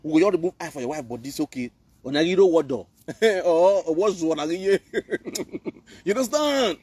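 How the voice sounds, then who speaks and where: A man's voice: a little high, expressive, moderate pace, darkish tone, husky, no room sound, recorded from a distance. A man from Benin, Nigeria, speaking Nigerian Pidgin English, who rants and scolds in a preachy live video commentary. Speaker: online commentator.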